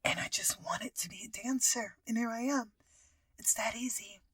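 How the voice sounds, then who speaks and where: A woman voicing a grieving woman who finds her freedom, speaking hushed and often in a whisper. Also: fairly high pitch, steady tone, normal speed, slightly rough, no echo, pitched above the performer's own voice. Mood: wistful.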